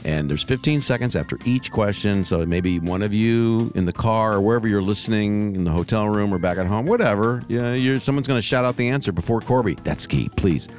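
A man's voice: on the low side, brisk, few pauses, faint music behind. A middle-aged man co-hosting a casual family trivia podcast, teasing his co-host and laughing often as he reads the questions. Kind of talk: casual radio podcast chat.

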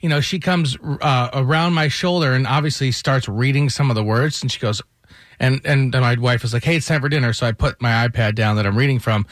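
A man co-hosting a morning radio show, telling a story in an animated way and laughing as he goes. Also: medium pitch, fairly quick, dry recording, studio quality. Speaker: radio co-host. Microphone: studio microphone.

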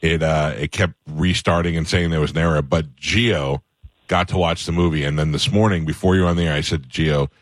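Deep-voiced chummy radio host. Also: male voice, steady tone, brisk, no echo. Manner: chummy, joking. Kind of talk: casual radio banter. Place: radio studio.

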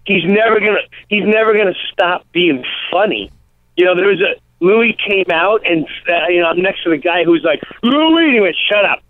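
A man, a guest comedian, chatting in a rambling way and slipping into quick impressions of people. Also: sits high, no echo. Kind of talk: casual interview chat. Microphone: phone line. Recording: tinny phone line.

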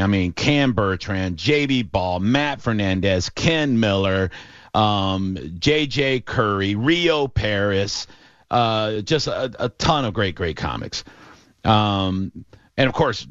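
A man hosting a sports talk show, telling a long story in a casual, animated way with lots of fillers. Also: on the low side, a little slow, no echo. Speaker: radio show host. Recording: dull, lo-fi and dry.

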